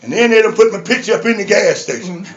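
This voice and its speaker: A man's voice: sits high, animated, quick pace. An older man giving a fiery rally speech on a community stage, preaching with call-and-response to the audience. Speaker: activist speaker. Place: community arts center stage before an audience. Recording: dull lo-fi live recording with crowd.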